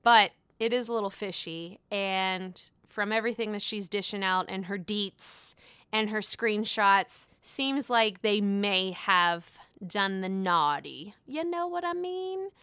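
A woman's voice: medium pitch, expressive, takes it slowly, bright, forceful tone, clean tone, no echo. A woman giving casual gossip commentary, chatty and sassy, swearing freely as she goes. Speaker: gossip vlogger.

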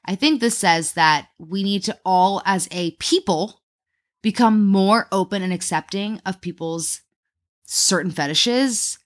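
A woman's voice: mid-range voice, measured pace. A woman co-hosting a podcast, telling a true crime story in casual chat, with frequent fillers like "um" and "like". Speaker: podcast co-host.

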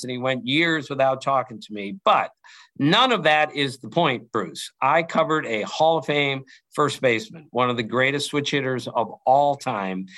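A middle-aged man telling lively anecdotes in an interview, acting out quotes from others. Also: fairly high pitch. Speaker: interview guest, baseball writer. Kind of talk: storytelling in an interview.

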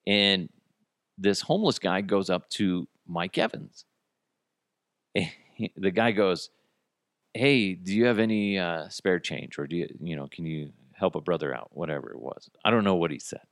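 A man hosts a podcast with a fairly deep voice that jumps up and down in pitch as he tells stories. He talks casually, swears often and acts out people's lines in put-on voices. The sound is dry and close to the mic. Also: moderate pace, no echo. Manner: profane, animated storytelling with put-on voices. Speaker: podcast host. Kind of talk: casual solo monologue.

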